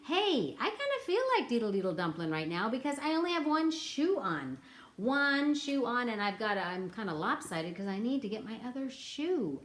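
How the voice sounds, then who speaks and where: A woman's voice: a little high, big pitch swings, moderate pace. A woman teaching a children's music lesson, chatting playfully to the kids and breaking into sing-along nursery rhymes. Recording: echoey room with ukulele.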